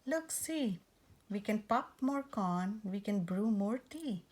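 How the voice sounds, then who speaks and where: A woman voicing a small fussy male mouse in a storybook, with a squeaky voice. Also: lively intonation, slow, darkish tone. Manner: squeaky, fussing.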